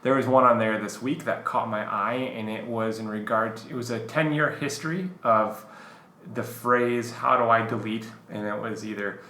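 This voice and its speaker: Bright-voiced, rambling male co-host. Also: medium pitch, normal speed, reverberant, a little hiss or hum. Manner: relaxed, rambling, filler-heavy. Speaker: podcast co-host. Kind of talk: casual podcast chat.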